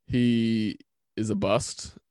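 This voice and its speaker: A man's voice: on the low side, flat delivery, very slow, darkish tone, clean tone, dry recording. A man co-hosting a casual sports podcast, talking bluntly and with strong opinions. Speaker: podcast co-host.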